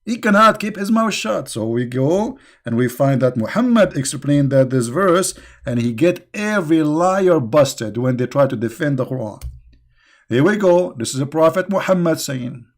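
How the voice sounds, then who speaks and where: His mid-range, darkish voice moves at a moderate pace with lively intonation. Hosting an online religious debate, the man speaks with non-native grammar, laughing at his own jokes, mocking, and repeatedly throwing rhetorical questions at listeners in sarcastic fashion.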